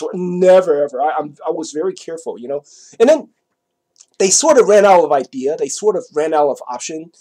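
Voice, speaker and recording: A man's voice: on the high side, brisk. A man telling a personal story in a casual monologue, rambling and repeating himself, with many "you know" asides. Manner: swings between loud bursts and quiet asides.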